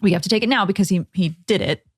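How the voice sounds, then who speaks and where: A woman's voice: mid-range voice, fast talker, husky, no echo, studio quality. A woman playing a tabletop role-playing game, chatting casually and explaining the rules playfully. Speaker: player.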